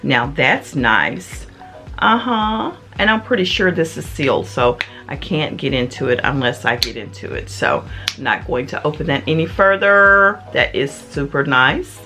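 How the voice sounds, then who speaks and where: A middle-aged woman talks her way through a subscription box, playful and chatty. Her voice sits low but swings up high when something delights her, and she takes her time, with soft music playing underneath. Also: expressive, moderate pace. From Memphis, Tennessee area. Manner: chatty, playful, Southern-style "honey" and "y'all" asides. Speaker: vlogger. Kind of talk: casual unboxing vlog.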